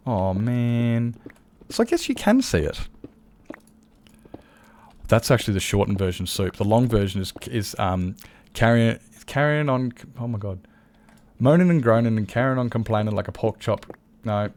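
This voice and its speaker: A man's voice: on the low side, very animated, normal speed, pauses often, darkish tone. A man chatting casually to viewers while streaming a game, rambling, swearing freely and correcting himself mid-sentence. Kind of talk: casual live-stream chat.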